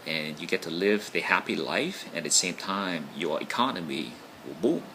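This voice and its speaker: A man's voice: low voice, animated, normal speed, sharp tone, a little hiss or hum, poor audio. A man talking casually to camera in a rambling monologue, often checking in with "right?". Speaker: vlogger.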